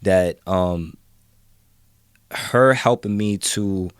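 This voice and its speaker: A man with a very deep voice talks as a guest on a casual podcast. He speaks reflectively and from the heart, pausing often with fillers. The recording is dry and close-miked. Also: clear, resonant tone, dry recording.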